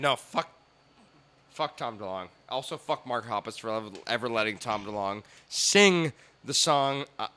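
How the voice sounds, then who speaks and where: A young man, talking on a podcast in a fairly high, very bright and cutting voice. He rants loudly and swears freely, slipping into mocking impressions of other people. The tone is casual, animated and heated. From Canada. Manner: profane, ranting, mimics others in put-on voices. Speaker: podcast guest.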